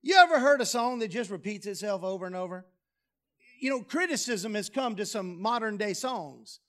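High-voiced animated male preacher. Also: normal speed. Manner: animated preaching with humorous asides, drops low and soft on key phrases. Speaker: pastor. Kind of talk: sermon. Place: church sanctuary.

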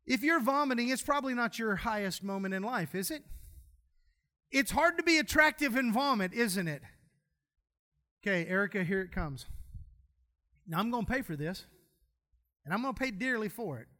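Bright high-voiced preacher. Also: male voice, animated, moderate pace, pauses often. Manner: folksy, humorous storytelling preacher. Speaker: pastor. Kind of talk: sermon.

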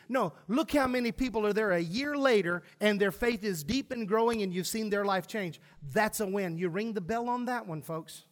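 A man's voice: high-pitched, moderate pace, few pauses. A pastor preaching a sermon to his church, emphatic, asking the congregation questions and answering them himself.

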